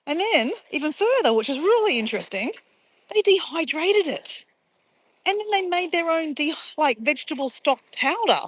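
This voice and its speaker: A woman's voice: high-pitched, sing-song, normal speed, no room sound, poor audio. An Australian woman chatting casually and bubbly on a travel live stream, reacting to her viewers.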